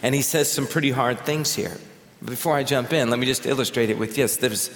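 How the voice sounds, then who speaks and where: A man's voice: medium pitch, a little fast, fairly bright tone. A man preaching a sermon as pastor, talking in a conversational way and telling stories. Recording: echoey hall with long reverb.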